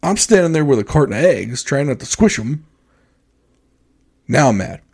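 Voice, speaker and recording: Husky guy w a gravelly voice, rambling podcast story, lots of restarts. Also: mid-range voice, big pitch swings, normal speed, darkish tone. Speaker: podcast co-host. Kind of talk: casual storytelling chat.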